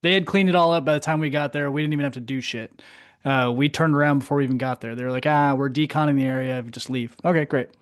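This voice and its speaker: A man in his forties, a veteran co-host, recounting events in a brisk, profane manner. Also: on the high side, no room sound, clean studio sound. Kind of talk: casual chat.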